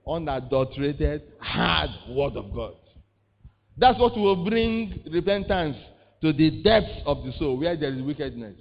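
A man's voice: fairly high pitch, a little hiss or hum. Preacher calling out to his congregation. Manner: call-and-response preaching, repeats words, asks congregation "eh?". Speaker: pastor. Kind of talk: sermon. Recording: reverberant, muffled sound.

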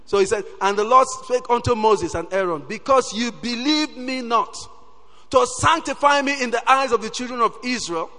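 A man preaching a sermon, animated and breaking in often with "Hallelujah" and "Praise God.". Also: very high voice, moderate pace. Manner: animated, peppers talk with "Hallelujah". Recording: long hall reverb.

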